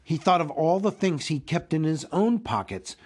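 A man reading a storybook aloud as a podcast host, with an expressive, unhurried delivery. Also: fairly high pitch, breathy edge.

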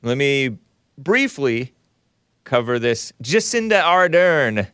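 A man's voice: mid-range voice, big pitch swings, takes it slowly, a bit bright, clear, resonant tone, no echo, clean studio sound. Sarcastic male call-in show host. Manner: sarcastic, scoffing asides. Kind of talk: casual call-in commentary.

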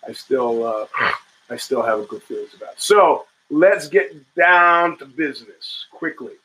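Male podcast host, middle-aged, bright tone, casual and crude. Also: mid-range voice, lively intonation, measured pace, poor audio. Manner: rambling, profane, reads chat and answers it. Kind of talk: casual talk show monologue.

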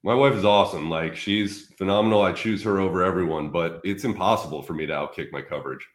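A man's voice: deep voice, fast talker, reverberant. A man appearing as a podcast guest, speaking directly and matter-of-factly in casual conversation.

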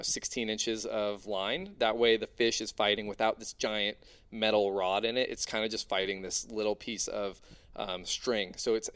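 A young man casually telling an animated, excitable diving story, full of fillers. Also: on the low side, clean tone. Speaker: spearfishing diver guest.

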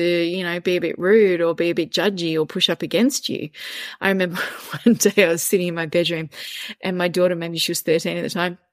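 A woman's voice: fairly low pitch, dry recording, clean studio sound. A woman in her forties, a parent speaking as a podcast guest, telling stories in a casual way and laughing often. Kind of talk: casual conversational storytelling.

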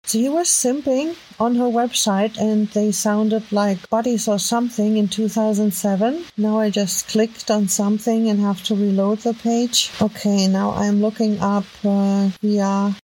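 A woman with a heavy German accent, hosting a podcast and thinking aloud in casual commentary as she reads web posts, halting with fillers and restarts. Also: medium pitch, fairly even intonation, a little mellow, rough recording. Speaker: podcast host. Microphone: home microphone.

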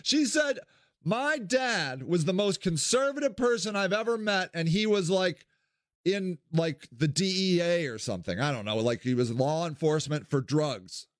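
A man's voice: moderate pace, no room sound, clean studio sound. A man from Ohio giving a candid solo monologue as a podcast host, blunt and swearing freely. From Akron, Ohio, US. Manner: blunt, swears freely, animated swings in pitch.

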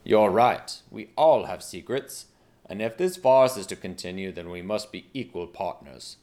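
A man's voice: fairly low pitch, lively intonation, measured pace, a little mellow. A man playing a whiny, bumbling young king. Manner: whiny, earnest.

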